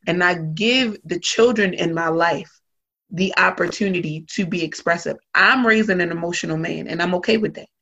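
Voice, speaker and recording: A woman's voice: lowish voice, moderate pace, a bit bright, dull audio. A woman talking candidly and emphatically in a casual conversation, blunt and swearing freely.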